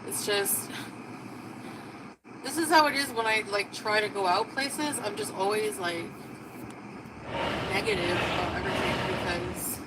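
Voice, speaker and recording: Slow-talking stressed woman in a car. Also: medium pitch. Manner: stressed, grumbling, drawn-out. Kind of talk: casual talk while driving. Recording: road noise inside a moving car.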